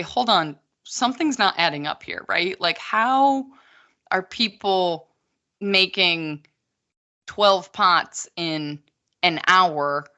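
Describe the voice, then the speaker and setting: A woman's voice: fairly low pitch, pushed and bright, dull audio. A woman guesting on a podcast, talking casually and at length, with many asides. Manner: long-winded, chatty, many asides. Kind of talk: casual chat.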